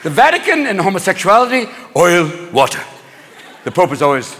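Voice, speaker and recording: A man doing a stand-up comedy routine on stage, manic and rapid-fire, jumping in and out of voices. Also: sits high, big pitch swings, a bit bright, slight background noise. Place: large theater on stage. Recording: echoey hall, audience laughter and ambience.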